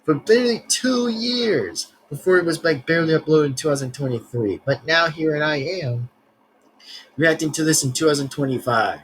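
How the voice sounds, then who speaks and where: A man's voice: a little high, normal speed, a bit bright, slight background noise, rough recording. A man hosting a reaction video, rambling and searching for words as he comments casually.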